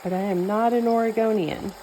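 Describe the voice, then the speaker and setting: Steady, warm and medium-pitched, she talks a little fast while cooking, rambling in a Southern accent with many fillers and restarts. This cooking vlogger was born in New Mexico and mostly raised in Texas, and her low-quality recording has some hiss or hum.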